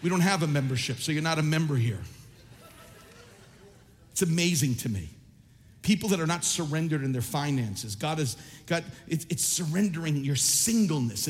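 A man preaching a sermon as pastor, impassioned and shouting at his peaks, reading scripture aloud and quizzing his listeners. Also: a little high, big-room sound.

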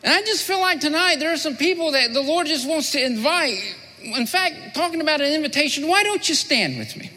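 A man pastor giving an earnest altar call in a sermon, repeating his phrases and often sinking to a soft, low voice. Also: expressive, fairly quick. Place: church sanctuary. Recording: long church-hall reverb with music. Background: music playing.

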